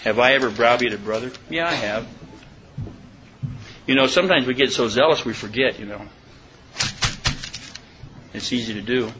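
A man giving an informal Bible study sermon, reading scripture slowly and deliberately and asking his listeners questions. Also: mid-range voice, dull audio, background noise. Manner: conversational, asks the listeners questions. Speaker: preacher.

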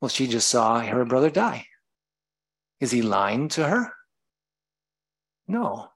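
A male preacher with a gravelly, fry-edged voice delivers a sermon, reading scripture aloud and then explaining it plainly, sometimes stopping to correct himself. His medium-pitched voice is very animated and fairly bright, his pace slow, and the recording low quality.

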